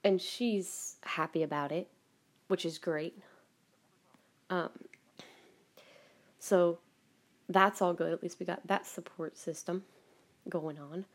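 Woman on her home podcast, kinda low voice, chatty and rambly, swears a bit. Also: fairly even intonation, slow pace, pauses often. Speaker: podcast host. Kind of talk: casual personal monologue. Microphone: home recording.

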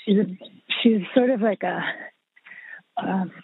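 A woman's voice: mid-range voice, slow pace, no echo. A woman guest on a podcast, telling long stories about her family's music in a chatty way, with many fillers and restarts. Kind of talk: casual interview storytelling. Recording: husky, dry, phone-like line.

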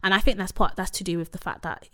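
A woman's voice: mid-range voice, quick pace. Candid woman telling a story. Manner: candid, animated storytelling with frequent "like" and "you know". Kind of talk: casual conversation.

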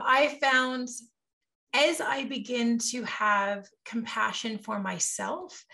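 A woman's voice: a little high, fairly bright tone. A woman hosting a casual conversation, affirming her guest and sharing from her own life. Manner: affirming, shares personal experience.

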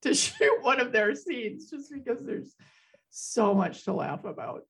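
A woman co-hosting a casual podcast chat about a TV show, excitable and gushing. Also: a little high, a little slow, husky. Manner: excitable, gushing, laughs often. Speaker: podcast co-host.

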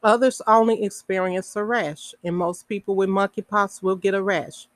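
A woman hosting a podcast, reading health information aloud slowly, with casual asides, fillers and the odd self-correction. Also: mid-range voice, fairly even intonation, rough recording. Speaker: podcast host.

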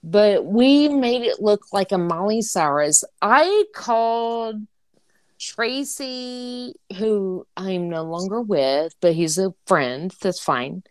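A woman co-hosts a horror podcast in a brash, swearing, laugh-filled way. Her pitch leaps up and down as she talks, yet she does not rush. The sound is dry and close. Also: lively intonation, takes it slowly, darkish tone, no echo. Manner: brash, profane, laughing storyteller. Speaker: podcast co-host. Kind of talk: casual chat.

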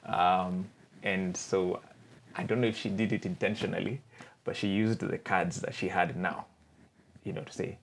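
A man in his forties, a podcast guest, telling his own story in a reflective, halting way and often checking in with the listener. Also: deep voice, fairly even intonation, vocal fry, slight background noise. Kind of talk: candid personal storytelling.

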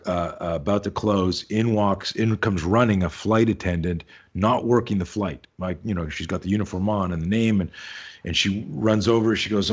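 A man's voice: low-pitched, normal speed, husky. A man who teaches self-defense, a guest on an interview show, telling stories in a rambling, casual way with frequent restarts and free swearing.

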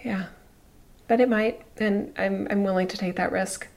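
A woman's voice: medium pitch, fairly even intonation, moderate pace, darkish tone. Woman host, forties, candid reflective monologue, acts out quotes, laughs easily. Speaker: video host.

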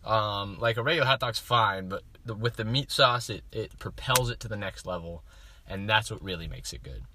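A man's voice: lowish voice, moderate pace, bright, forceful tone, a little hiss or hum. A young man co-hosting a casual podcast from inside a hot car, hesitant with frequent ums. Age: young adult. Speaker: podcast co-host. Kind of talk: casual chat.

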